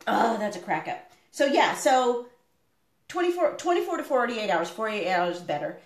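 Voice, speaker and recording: A woman's voice: on the high side, big pitch swings, moderate pace. Chatty woman talking in an echoey kitchen. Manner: chatty and rambling, with frequent fillers. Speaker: homestead vlogger. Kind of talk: casual live-stream chat while cooking. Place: home kitchen. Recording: echoey room.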